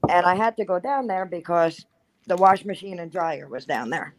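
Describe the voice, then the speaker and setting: A woman in her thirties tells a spooky personal story in an easy, chatty way. Her voice sits a little low, and she peppers her speech with "like" while acting out what people said. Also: lively intonation, moderate pace, background noise. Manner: chatty, heavy use of "like", acts out quotes. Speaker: guest storyteller. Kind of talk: casual storytelling.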